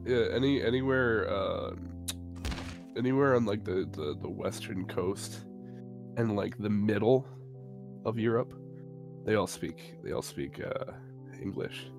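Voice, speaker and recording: A man's voice: lowish voice, animated, measured pace, long pauses, over music. A young man rambling through a story in casual chat, swearing often and poking fun at himself. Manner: rambling, swears a lot, self-mocking. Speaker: co-host of a live stream.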